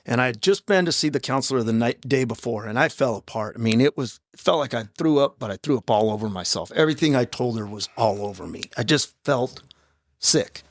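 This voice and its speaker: A man in his fifties, a podcast guest, telling his own story in a raw, halting way with blunt profanity. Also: medium pitch, lively intonation, no room sound, clean studio sound. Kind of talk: candid personal storytelling in an interview. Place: podcast studio. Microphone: studio microphone.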